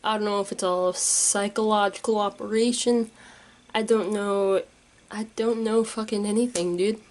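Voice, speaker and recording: A woman's voice: medium pitch, steady tone, moderate pace, a little mellow, poor audio. A young woman vlogging casually, rambling and unsure, with many fillers. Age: young adult. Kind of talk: casual vlog.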